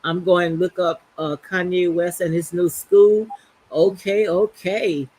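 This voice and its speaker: A woman's voice: on the low side, fairly even intonation, measured pace, mellow, slightly rough. A woman from the New Orleans area with a Southern Louisiana accent, hosting a casual livestream chat and calling her guest "girl" a lot. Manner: chatty, many "girl" and "you know" fillers. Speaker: livestream host.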